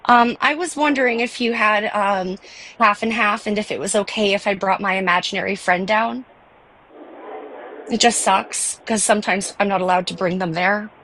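A woman's voice: mid-range voice, steady tone, moderate pace, fairly bright tone, slight background noise, lightly acted. A woman playing a caller who fakes a thick Italian accent, rambling and overly polite on a prank phone call. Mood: mock-earnest.

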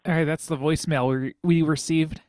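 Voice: medium pitch, fairly even intonation, a little fast, background noise. A host of a live stream show, joking in a laid-back way and swearing now and then. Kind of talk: casual live stream hosting.

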